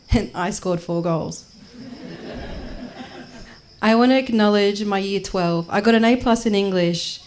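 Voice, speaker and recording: A woman's voice: mid-range voice, a little mellow. Brash Australian woman doing stand-up. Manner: brash, jokey, acts out the people she quotes. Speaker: stand-up comedian. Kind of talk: stand-up comedy and spoken word. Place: small performance space.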